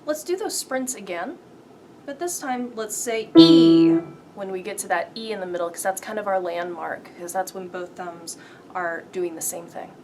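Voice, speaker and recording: Counting beats out loud and naming rhythms, this female piano instructor teaches patiently, one step at a time. She speaks at a moderate pace in a medium pitch, while the piano plays loudly beneath her.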